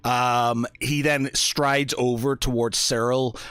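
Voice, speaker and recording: Casting: unhurried, hesitant male game master, dry close sound. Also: mid-range voice, flat delivery, a bit bright, smooth, no room sound. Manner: hesitant, many fillers. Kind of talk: narrating a tabletop game.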